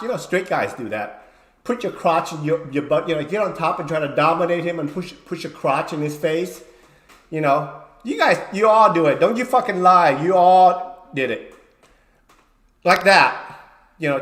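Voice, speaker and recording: A man who coaches wrestling, telling a story in casual livestream chat, swearing freely and acting out shouted lines. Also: a little high, reverberant.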